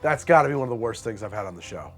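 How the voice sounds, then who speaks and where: Guy hosting a cocktail show, over the top grossed out then deadpan, voice swings all over. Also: lowish voice, racing, soft background music. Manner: theatrical, exaggerated disgust, deadpan asides. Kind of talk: comedic drink review.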